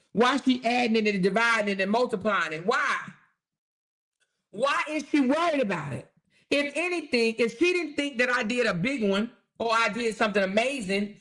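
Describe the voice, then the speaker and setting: A woman hosting her own channel delivers a casual rant that's blunt, profane, and mocking, repeating phrases for emphasis. Her voice is fairly high and fairly bright.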